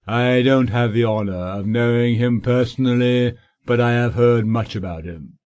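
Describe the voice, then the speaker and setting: A man putting on a pompous, slow-talking solicitor. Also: medium pitch, darkish tone, natural voice. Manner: pompous, drawn-out, sanctimonious. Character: fat pompous scheming middle-aged male solicitor.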